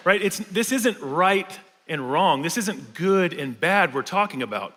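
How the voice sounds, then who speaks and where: A man with a high, bright voice gives a sermon, chatty and loose, full of little fillers and jokes. His voice rings out through a large church hall with a long reverb tail. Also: lively intonation, unhurried. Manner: casual, conversational preaching with fillers and humor. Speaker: pastor.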